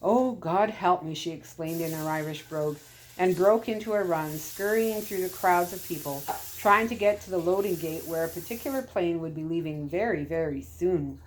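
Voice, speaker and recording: A woman storyteller reading chapters of a storybook aloud in a calm, steady way. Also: fairly low pitch, moderate pace, a little hiss or hum.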